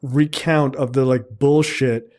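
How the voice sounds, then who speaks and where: A man's voice: mid-range voice, fairly even intonation, takes it slowly, a little mellow. A man co-hosting a casual film review podcast, talking bluntly with plenty of swearing and loose rambling. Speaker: podcast co-host.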